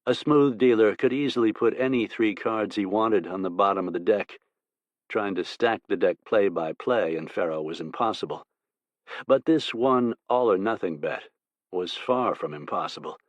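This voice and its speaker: A man narrating an audiobook in a steady, measured way. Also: lowish voice, no room sound, dull audio.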